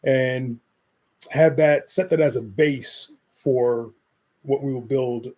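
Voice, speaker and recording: A man's voice: mid-range voice, fairly even intonation, slow pace, darkish tone. A man co-hosting a casual chat, explaining business metrics with frequent repeats and fillers. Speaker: co-host.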